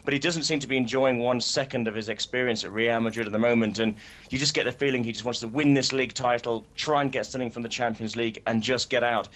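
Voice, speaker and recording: A man who sounds chesty today, his voice a touch deeper than usual. He talks at a brisk clip and explains things in a chatty, easy way, like a correspondent filling in a studio panel. His pitch sits in an ordinary middle range for a man. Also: steady tone, a bit bright. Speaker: remote correspondent.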